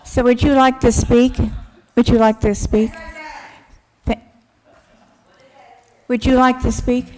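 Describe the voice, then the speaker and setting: A woman's voice: a little high, little pitch movement, takes it slowly, long pauses, darkish tone. A woman chairing a council meeting, making brief, polite procedural calls. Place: council chamber. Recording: noisy, crowded council chamber.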